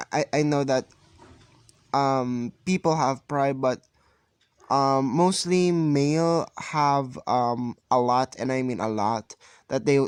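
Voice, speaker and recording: A man telling a fan story in a casual, rambling way, often halting and correcting himself. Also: mid-range voice, clear, resonant tone, no room sound.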